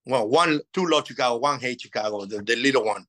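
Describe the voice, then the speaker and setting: A man in his fifties, a native Spanish speaker, telling lively stories in a casual interview and acting out old conversations. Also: medium pitch, a little fast, low-quality recording. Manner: animated, acts out past dialogue. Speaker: interview guest.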